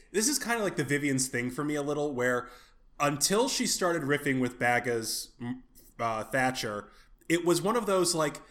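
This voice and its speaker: A man's voice: mid-range voice, a bit bright. A man co-hosting a podcast, talking in a rambling, casual way, restarting his sentences and swearing offhandedly. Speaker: podcast co-host.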